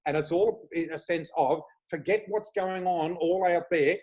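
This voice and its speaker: An Australian man guesting on a video podcast, talking with lively, excitable enthusiasm about spiritual matters. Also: on the high side, moderate pace, poor audio. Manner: enthusiastic, excitable, laughs often. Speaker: flower reader guest. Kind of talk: casual spiritual chat.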